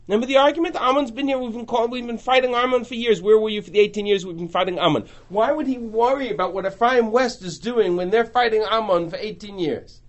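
A man with a high, very lively voice lectures to a class. He swings widely in pitch and loudness, and he acts out the lines of the people he quotes. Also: brisk. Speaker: teacher. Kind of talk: lecture on a biblical book.

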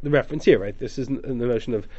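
Racing through Hebrew verses and translating them with drama, the Torah teacher speaks in a mid-range voice to his study class. Crowd noise runs underneath, and the recording is dull and lo-fi.

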